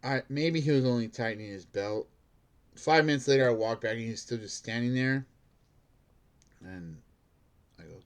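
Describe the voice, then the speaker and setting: A man's voice: medium pitch, brisk, pauses often. A man who works as a bank security guard, telling a rambling story in a casual monologue, filled with "like" and laughing at himself.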